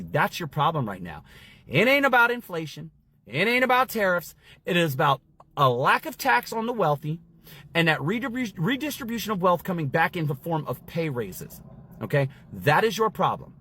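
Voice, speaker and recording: A man delivers a heated, sarcastic rant to his phone camera in a bright, forceful voice that jumps up and down all the time. He sounds preachy and mocking, and he leans hard on his points. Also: on the high side. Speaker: social media commentator. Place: outside a store.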